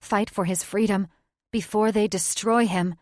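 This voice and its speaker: A woman voicing a quiet, frail voice speaking inside a witch's mind, urging her on. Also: mid-range voice, fairly even intonation, unhurried, no room sound, studio quality, close to an everyday voice.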